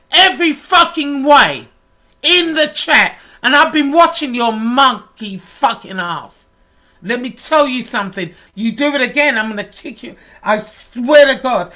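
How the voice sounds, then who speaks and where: Woman vlogger, angry profane rant, high bright voice, slow deliberate delivery. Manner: furious, profane, at times shouting.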